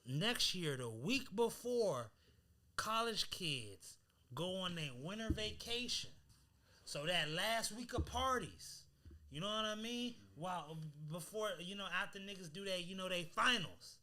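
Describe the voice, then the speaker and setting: A man co-hosting a podcast in casual chat, talking in an animated, emphatic way full of slang. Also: sits high, measured pace. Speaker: podcast co-host.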